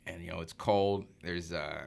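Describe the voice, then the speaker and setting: Young guy, low voice w/ some fry, laid back and rambly. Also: normal speed. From Arkansas. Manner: relaxed, rambling, laughs often. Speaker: guest. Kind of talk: casual chat.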